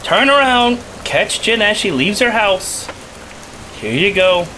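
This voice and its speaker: A young gaming channel host rambles and jokes through casual let's play commentary, tossing in playful asides while he's still recovering from a cough. His voice sits high with big pitch swings, slow, pushed and bright, with slight background noise.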